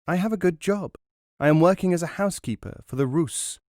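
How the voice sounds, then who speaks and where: A male narrator voices a careful, anxious woman who works as a housekeeper, speaking in an urgent yet soothing way. He uses a high, slightly fast, darkish voice pitched above his own but close to everyday speech, recorded clean in the studio with no room sound.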